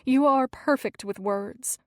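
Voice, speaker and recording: A woman's voice: high voice, takes it slowly, darkish tone, dry recording, clean studio sound. A woman voicing a tearful young woman with a troubled past in an audiobook, earnest and pleading.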